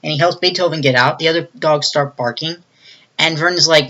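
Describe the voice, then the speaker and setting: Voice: mid-range voice, a little fast, bright, forceful tone, highs cut off. A movie reviewer casually recapping a film's plot in a loose, rambling way, often acting out the characters' lines in a raised voice. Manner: retells scenes, acting out quoted lines in a raised voice; loose and rambling, with many fillers.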